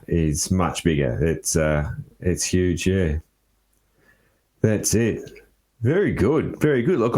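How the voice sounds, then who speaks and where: An Australian man hosting a podcast interview, talking in a halting way with lots of fillers and restarts. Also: fairly low pitch. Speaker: podcast host. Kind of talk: casual interview chat.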